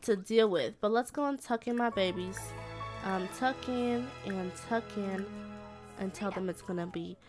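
Woman, mid-pitched, casual gaming commentary, mothering her characters. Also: measured pace, music in the background. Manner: chatty, slangy, scolds and coos at her game characters like a mom. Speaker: gaming video creator.

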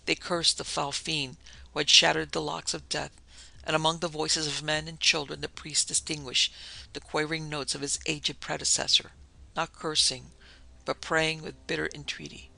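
A man narrating a gothic ghost story as a podcast host, in a measured, solemn reading style with a gravelly voice. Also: on the high side, little pitch movement, pushed and bright, dry recording, low-quality recording.

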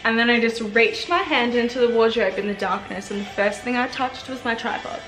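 A woman's voice: on the high side, a little fast, a bit bright, faint music behind. Chatty woman in an echoey room. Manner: rambling and candid, heavy use of "like". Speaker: vlogger. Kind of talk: casual chatty vlog. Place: bedroom at home. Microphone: camera on a tripod.

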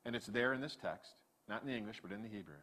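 A male pastor delivering a sermon with animated, emphatic preaching. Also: lowish voice, fast.

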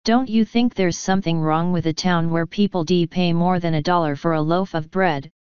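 A woman's voice: on the low side, fairly even intonation, moderate pace, clean tone, dry recording, muffled recording, lightly acted. A woman voicing an earnest, cautious young boy in an audiobook, hesitant and worried. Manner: hesitant, worried, plain-spoken. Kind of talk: audiobook character voice.

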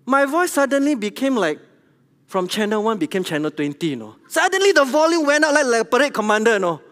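A middle-aged man with a Singaporean English accent, preaching a church sermon in an animated, conversational way and asking the congregation questions. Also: very high voice, quick pace. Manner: animated, conversational, tells jokes at his own expense, asks the congregation questions. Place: large church hall. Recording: long hall reverb.

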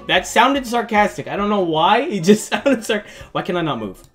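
A man hosts a game playthrough with a bright, forceful voice that jumps around in pitch. He is excitable and jokey, and he keeps breaking into shrieks and laughter. Faint game music sits under him. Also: a little fast. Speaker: gaming channel host. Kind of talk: let's play commentary.

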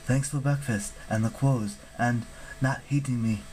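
A man's voice: medium pitch, steady tone, a little mellow, slight background noise, lightly acted, low-quality recording. A shy, awkward teenage boy, read by a man who stammers and trails off. The voice stays close to a plain reading voice, only hesitant. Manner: halting, stammering.

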